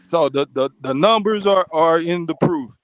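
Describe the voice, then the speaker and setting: A man with a smooth, clear voice makes blunt, profane points in a podcast debate. He sits a little high in his range, and the sound is dry and close. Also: normal speed, dry recording. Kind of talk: heated casual debate.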